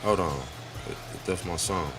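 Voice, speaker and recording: Blunt, profane man with a bright voice. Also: low-pitched, takes it slowly, slight background noise. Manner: blunt, profane and slangy, talking straight to viewers. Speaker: online history lesson host. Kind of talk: casual commentary over a played video.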